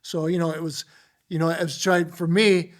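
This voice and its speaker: A man, a former ballplayer, telling stories as a podcast guest in an animated, rambling way full of "you know"s. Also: fairly high pitch, moderate pace. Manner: animated, filler-heavy storytelling with many "you know"s. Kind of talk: casual storytelling interview.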